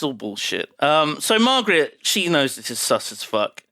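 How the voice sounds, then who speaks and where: A man's voice: a little high, big pitch swings, normal speed, hardly any pauses, bright, forceful tone, no room sound. A man co-hosting a podcast, recapping a film in a wry, casual way with some swearing. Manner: wry, swearing, puts on character voices. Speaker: podcast co-host.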